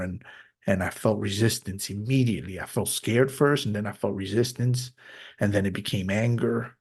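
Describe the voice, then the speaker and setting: A man hosting a podcast, speaking openly and reflectively in a personal monologue, sometimes halting and restarting his sentences. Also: fairly low pitch, slightly rough. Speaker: podcast host.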